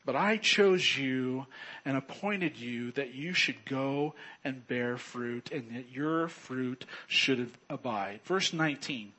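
A man preaching a sermon, earnest and unhurried, swinging between loud bursts and quiet low drops. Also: rough recording. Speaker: pastor.

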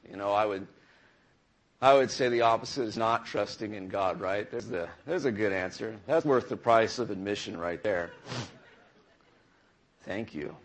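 A man's voice: lowish voice, normal speed, pauses often. Conversational male preacher. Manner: conversational, with frequent restarts and asides to the congregation. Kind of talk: sermon.

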